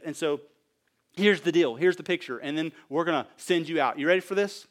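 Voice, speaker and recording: A man delivering a sermon with a slightly high voice. He preaches with emphatic energy and fires rhetorical questions at the congregation. His delivery rises to near shouts, then drops to quiet, low passages. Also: brisk. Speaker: pastor.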